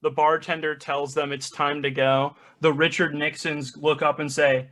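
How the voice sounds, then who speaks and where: A teenage boy delivering quick improv one-liners, slipping into silly voices. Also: fairly high pitch, level tone, fairly bright tone. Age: teens. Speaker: high school improv performer.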